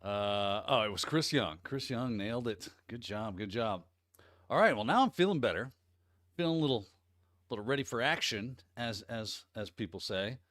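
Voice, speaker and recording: A man's voice: medium pitch, animated, moderate pace, fairly bright tone, no room sound, studio quality. A man from the Midwest of the US hosting a casual livestream. He talks in an upbeat, rambling way and greets viewers by name. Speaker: host.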